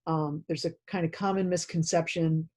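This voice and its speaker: A woman leads a self-paced training lesson for teachers. Her voice is mellow and warm, and she explains in a direct, conversational way. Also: sits low, steady tone, normal speed.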